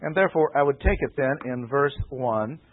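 A man preaching, giving a deliberate expository Bible lesson and repeating key phrases for emphasis. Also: medium pitch, expressive. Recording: tinny phone-like old radio recording.

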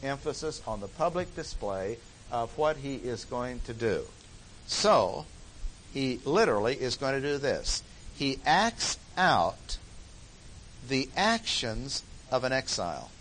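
A man's voice: mid-range voice, very animated, slow pace, a bit bright, a little hiss or hum, rough recording. A man teaching a Bible study lecture in an emphatic way, repeating key phrases for stress.

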